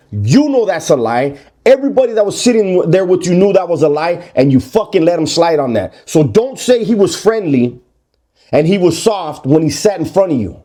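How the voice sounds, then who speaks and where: A man's voice: fairly high pitch, sing-song, moderate pace, warm tone. A middle-aged man, talking bluntly and confrontationally in a casual monologue. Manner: blunt, confrontational street talk. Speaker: commentator.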